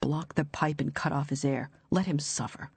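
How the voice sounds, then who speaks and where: A narrator voicing a cold, alien inner voice that coaxes with quiet menace. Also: mid-range voice, moderate pace, slightly rough. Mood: coaxing menace. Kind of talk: audiobook character reading.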